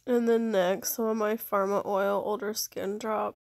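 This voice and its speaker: Sick-sounding woman in her twenties, gravelly. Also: mid-range voice, level tone, darkish tone, no room sound, clean studio sound. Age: 20s. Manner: unhurried, listing products one by one, casual swearing. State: sick with a sore, congested voice. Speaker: beauty vlogger. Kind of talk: casual skincare tutorial.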